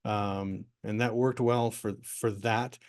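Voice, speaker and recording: A man leading an online workshop, answering participants' questions in a relaxed, rambling way with many fillers and restarts, over a video call from his home office. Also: fairly low pitch, takes it slowly, dry recording. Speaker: workshop facilitator.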